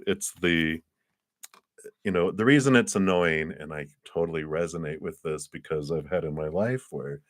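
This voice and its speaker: A man's voice: low voice, no room sound, studio quality. A man giving a casual live tarot reading, chatty, laughing often and acting out the people he describes. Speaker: tarot reader.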